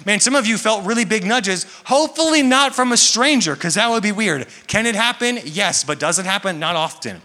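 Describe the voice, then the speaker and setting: A man's voice: sits high, animated, a little fast, hardly any pauses, bright, forceful tone. A young man preaching to a church congregation, talking casually and joking. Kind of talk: sermon. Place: large church hall. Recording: echoey hall with long reverb.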